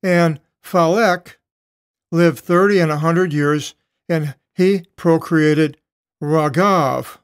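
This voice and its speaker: An older man leads a verse-by-verse Bible lesson, slow and halting, stopping often to correct himself. His voice sits a little high for a man. The sound is dry and close, with no room around it. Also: clear, resonant tone, dry recording. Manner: slow, halting reading with many pauses and self-corrections. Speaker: Bible translator teaching Greek text. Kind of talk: verse-by-verse Bible study commentary.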